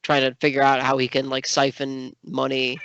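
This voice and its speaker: A podcast co-host chatting casually, rambling with lots of fillers and breaking into animated outbursts. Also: mid-range voice, moderate pace, smooth, no echo. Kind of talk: casual chat. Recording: dry, dull lo-fi sound.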